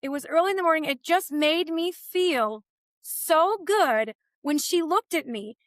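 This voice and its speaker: A woman's voice: high voice, animated, unhurried, no echo. A woman hosting a podcast, telling a personal story in emphatic, conversational chat. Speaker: podcast host.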